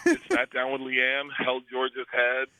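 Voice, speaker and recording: A comedian guest telling quick, animated stories and acting out the people in them, laughing as he goes. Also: medium pitch, clean tone. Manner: fast storyteller, acts out voices, laughs often. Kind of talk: animated storytelling. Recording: tinny phone line.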